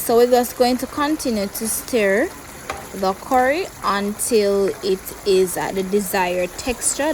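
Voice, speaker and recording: A woman's voice: a little high, noisy background. A Jamaican woman hosting a cooking video, explaining each step to viewers in a chatty way from her kitchen. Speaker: cooking channel host. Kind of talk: casual cooking demonstration.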